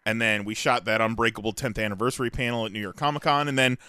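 A man's voice: on the low side, steady tone, fast talker, pushed and bright, smooth, no echo. A man co-hosting a podcast in casual chat, laughing often and tossing in jokey asides. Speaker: podcast co-host.

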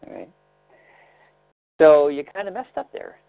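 A man leading a coaching session, asking gentle probing questions and explaining step by step. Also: on the high side, wildly swooping pitch, unhurried, vocal fry, no room sound, narrow, tinny audio.

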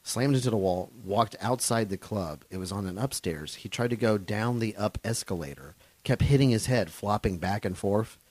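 Male stand-up, lowish pitch, profane and rambling, dry hotel-room interview. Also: normal speed, few pauses, a little mellow, no room sound. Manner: rambling, profane, lots of fillers and restarts. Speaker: touring comedian guest. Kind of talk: casual storytelling in an interview.

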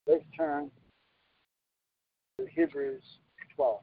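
A man preaching a sermon slowly and deliberately, with sudden high emphatic jumps in his voice. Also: very animated, vocal fry, no room sound. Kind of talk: sermon with sign language interpretation. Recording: tinny phone-like broadcast line.

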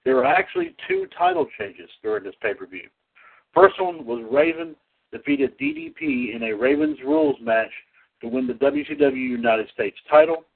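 Man, radio host, folksy chatty delivery, gravelly, lively pitch, phone-line sound. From North Carolina area. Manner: folksy, chatty, coughs and clears throat, lively. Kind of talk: casual radio hosting and history segment. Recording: tinny phone-line audio.

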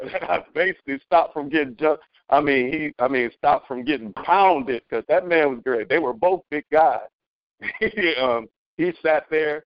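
A middle-aged man on a community call, telling a story as a testimony, animated, with many restarts. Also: fairly high pitch, no echo, dull audio. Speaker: caller sharing a testimony. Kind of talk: casual spoken testimony.

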